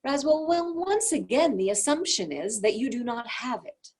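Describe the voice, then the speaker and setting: A woman reading a class transcript aloud in a lively, expressive way and announcing each speaker. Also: mid-range voice, unhurried, husky, rough recording. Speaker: reader of a workbook transcript.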